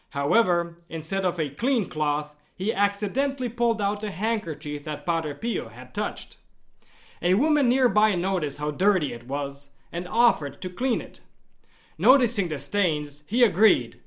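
A man narrating a devotional story in a measured, expressive storytelling manner. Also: high voice.

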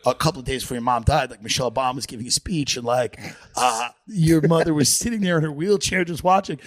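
A man's voice: medium pitch, quick pace. A man in casual comedic podcast chat, telling rambling stories with crude jokes and frequent laughter. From New York.

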